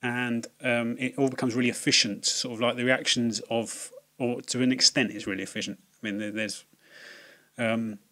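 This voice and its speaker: A man's voice: mid-range voice, level tone, normal speed, pushed and bright. Man, casual film review, hesitant, lots of ums and restarts, sweary.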